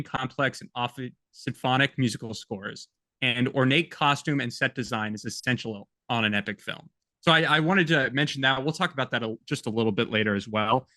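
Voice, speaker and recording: A man's voice: medium pitch, bright, forceful tone, no room sound. A man co-hosting a film podcast, chatting casually and jokily and reading passages aloud. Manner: chatty, jokey, reads quotes aloud. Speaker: podcast co-host. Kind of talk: casual film-review chat.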